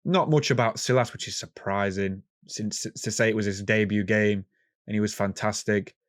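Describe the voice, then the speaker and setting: A man's voice: fairly low pitch, fairly even intonation, normal speed, no room sound, studio quality. A young man, chatting casually and self-deprecatingly through his football game footage. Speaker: gaming YouTuber. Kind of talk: casual gameplay commentary.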